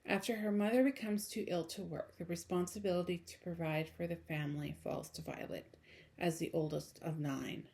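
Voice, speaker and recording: A woman with a raspy morning voice giving a casual book review, rambling with lots of ums and restarts. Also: fairly low pitch, steady tone, moderate pace, darkish tone.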